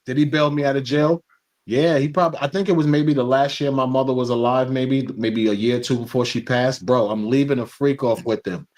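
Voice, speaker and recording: New guy spinning a story, mid pitched, plays out the conversations. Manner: animated anecdote-telling, acting out dialogue. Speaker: interview guest. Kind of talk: casual storytelling.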